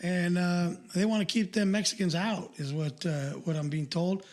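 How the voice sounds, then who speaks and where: Co-hosting a podcast, this older man has a notably high voice held at a steady tone and moderate pace. He chats casually and wanders, circling back with fillers and restarts.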